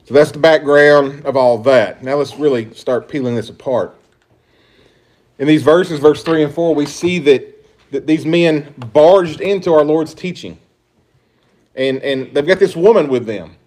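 A male pastor delivering a sermon with emphatic, questioning delivery. His voice sits a little higher than most men's, and he swings between louder stresses and quieter asides. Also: measured pace. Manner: emphatic, rhetorical questions, shifting pitch and volume.

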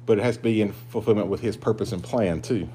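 A male pastor delivers a sermon to his congregation. His preaching is emphatic, swinging from loud, driving declarations down to hushed, confiding asides. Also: on the low side, quick pace, slight background noise.

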